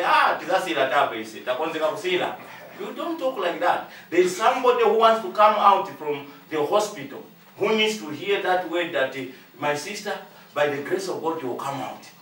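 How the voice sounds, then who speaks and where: A man's voice: high-pitched, a bit bright. A man preaching a sermon as pastor, pressing his points with repetition and acting out short exchanges in different voices. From Zambia. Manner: preaching with emphatic repetition and acted-out dialogue. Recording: echoey room, voice from far off.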